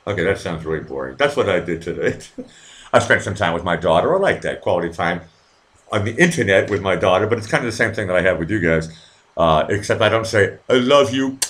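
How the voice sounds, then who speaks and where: Middle-aged guy rambling on his live stream, lowish voice, keeps stumbling and repeating himself. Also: a bit bright. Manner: loose, meandering, stammers and repeats words, swears freely. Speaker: live show host.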